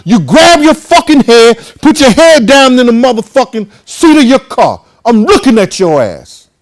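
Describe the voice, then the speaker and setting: High, animated male storyteller. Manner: animated, profane, acts out the voices of people in the story. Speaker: host. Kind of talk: casual storytelling.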